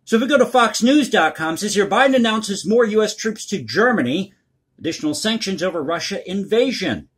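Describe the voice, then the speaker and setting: Male commentary host with a high, husky voice, blunt and crass in his opinions. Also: animated, a little fast.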